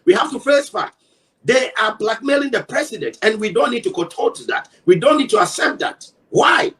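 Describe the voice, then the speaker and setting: Ghanaian guy broadcaster ranting about politics, high voice, kinda far off mic. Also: expressive, moderate pace. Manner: forceful, mixing English and Twi, rhetorical questions. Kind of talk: impassioned political commentary.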